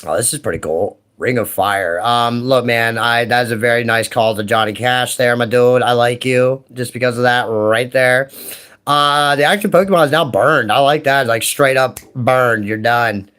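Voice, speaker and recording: A man in his late thirties chatting casually while opening trading card packs, rambling and excitable, full of "dude" and "man". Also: medium pitch, normal speed. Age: 30s. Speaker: card-opening video host.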